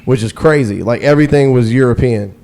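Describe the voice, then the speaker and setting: A man's voice: mid-range voice, brisk, a little mellow. Man rambling through podcast stories. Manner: loose, rambling, with many restarts and fillers. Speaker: radio DJ guest. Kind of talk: casual podcast storytelling.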